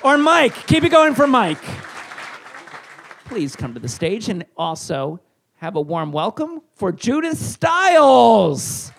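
High-pitched, gravelly emcee hyping a crowd. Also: male voice, big pitch swings, slow. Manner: loud, hyped-up announcing. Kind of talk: stage introductions. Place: tavern stage before a live audience.

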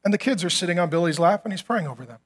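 A middle-aged man preaching a sermon as a pastor, telling stories with animated acted quotes and humor. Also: high-pitched, very fast, slightly rough.

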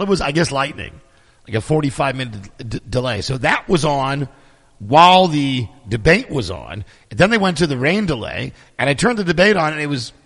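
A middle-aged man hosting his podcast, telling stories in a sarcastic, profane, animated casual monologue. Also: on the high side, husky, big-room sound. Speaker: podcast host.

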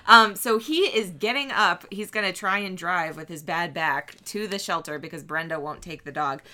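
A woman's voice: lowish voice, moderate pace, pushed and bright. A woman co-hosting a podcast, chatting casually, laughing often and acting out quotes. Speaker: podcast co-host. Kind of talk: casual chat, recapping.

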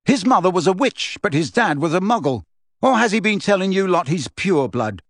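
A man reading a novel passage aloud on a podcast, lively and changing his voice for the characters. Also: high voice, moderate pace, no echo, clean studio sound.

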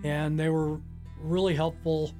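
An older man in his sixties tells his story with a slightly high voice that stays on a flat, level line. He talks in a plain, unhurried way with frequent pauses, while a faint guitar plays softly in the background. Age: 60s. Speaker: skier telling his rescue story. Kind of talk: recounting a personal story in an interview.

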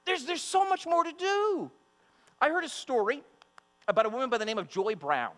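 A male preacher delivers a sermon and speaks straight to the women listening. He is emphatic and repeats himself for weight, in a high voice. The long reverb of a hall and a faint mains hum sit behind him. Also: lively intonation, moderate pace, fairly bright tone.

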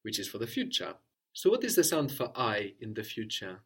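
A man's voice: fairly low pitch, very animated, normal speed, a bit bright, slightly rough. Patient man teaching a language. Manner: patient, repeats and praises answers. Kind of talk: guided language lesson.

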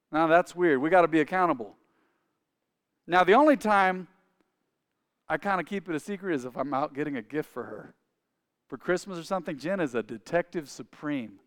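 Middle-aged male preacher, bright smooth voice, storytelling sermon with lively acted-out dialogue. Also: sits high, big-room sound. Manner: animated, acts out dialogue in quick voices.

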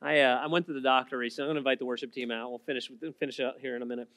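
A man preaching a sermon as pastor, emphatic, swinging between loud repeated lines and quiet asides. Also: mid-range voice, fairly even intonation, racing, no echo, big-room sound. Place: church auditorium.

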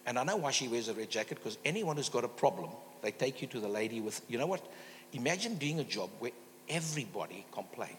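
A man's voice: medium pitch, lively intonation, quick pace. A man preaches in a church, telling stories and calling out for amens. His voice rings with a long hall reverb, and a faint hum sits underneath. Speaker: guest preacher. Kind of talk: sermon.

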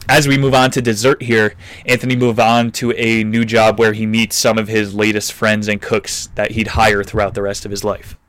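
A man's voice: on the low side, flat delivery, moderate pace, fairly bright tone, clear, resonant tone, dry recording. A man casually recapping a memoir chapter by chapter, sarcastic and chuckling often, with plenty of "like" and "you know". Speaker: podcast host reviewing a memoir. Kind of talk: casual comedic book recap.

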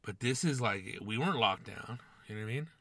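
A man's voice: lowish voice, animated, brisk, pushed and bright, no echo. Profane, rambling young man host. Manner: profane, rambling, slangy, says "dude" and "man". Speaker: podcast host. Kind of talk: casual monologue.

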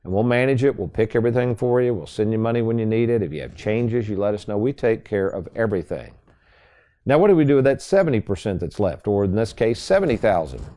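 A man's voice: lowish voice, expressive, fast, warm tone. A man hosting a radio talk show as a financial advisor, folksy and salesy, speaking to listeners as folks.

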